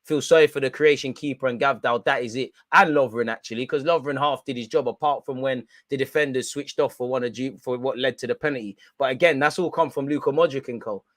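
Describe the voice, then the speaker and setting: A young man, loudly and gleefully ranting with street slang during a live football watch-along. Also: medium pitch, quick pace, hardly any pauses, no room sound, studio quality.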